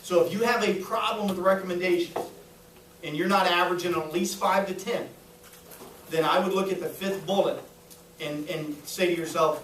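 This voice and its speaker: High-voiced man coaching in an echoey room. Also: normal speed, slight background noise. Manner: upbeat, coaching, asks the room questions. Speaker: sales trainer. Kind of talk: live sales training talk. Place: training room with a small audience. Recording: echoey room, voice a little far.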